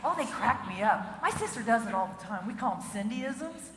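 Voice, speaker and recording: A woman giving a comedic motivational keynote, playful and animated, breaking into song now and then. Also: on the high side, moderate pace. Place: large auditorium with audience. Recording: echoey hall, faint noise.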